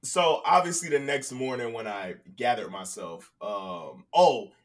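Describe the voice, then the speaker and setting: A man telling a casual story on a podcast, profane and animated, acting out both sides of conversations. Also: medium pitch, a little slow, recorded from a distance.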